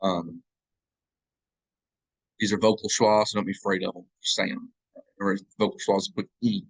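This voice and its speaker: Low-voiced man teaching a grammar class. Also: little pitch movement, normal speed, husky, no echo, poor audio. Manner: drills paradigms aloud, checking in with "right?". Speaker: Hebrew teacher. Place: church classroom. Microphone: live class recording.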